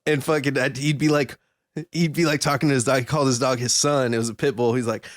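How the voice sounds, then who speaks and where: Podcast cohost, rambly profane storyteller, dry close sound. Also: male voice, medium pitch, steady tone, fast, dry recording. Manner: rambling anecdotes, heavy swearing. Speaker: podcast co-host. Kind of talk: casual podcast chat.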